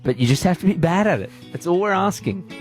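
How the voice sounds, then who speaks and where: A man's voice: high voice, fast, faint music behind. A man with an Australian accent hosting a radio show in casual, joking banter. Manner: joking, energetic. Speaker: radio host. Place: radio studio.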